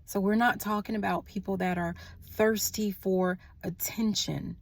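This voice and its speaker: A woman delivers a channeled spiritual message at an unhurried, drawn-out pace, her pitch sitting in an ordinary middle range. She talks softly and earnestly, often easing down into hushed tones. She records on a phone in an indoor room. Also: steady tone, vocal fry, no room sound. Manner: slow, soft-spoken and earnest, trailing into hushed tones.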